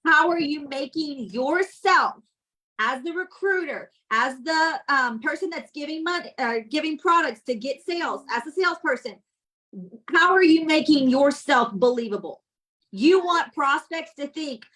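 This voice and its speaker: Woman, high voice, sales coach, blunt, scolding, motivational, direct. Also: lively intonation, a little slow, a bit bright, low-quality recording. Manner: chatty and direct with listeners. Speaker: sales team leader.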